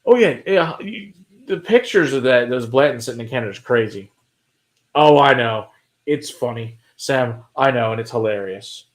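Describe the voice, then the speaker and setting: A man's voice: medium pitch, animated, normal speed. Laid-back Texan man, casual whiskey chat. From Texas. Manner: laid-back, joking, swears freely. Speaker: whiskey show co-host.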